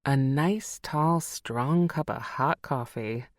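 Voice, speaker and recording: A woman's voice: a bass voice, slow pace, no echo, clean studio sound. A woman reading the part of an affectionate, teasing mother in an audiobook, knowing and playful. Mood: tender, teasing. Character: gentle teasing middle-aged mother, affectionate. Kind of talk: audiobook narration.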